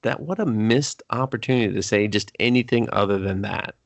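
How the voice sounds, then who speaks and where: A man co-hosting a casual movie review podcast, talking in an animated way, swearing freely and laughing often. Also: lowish voice, brisk, gravelly, dry recording. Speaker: podcast co-host.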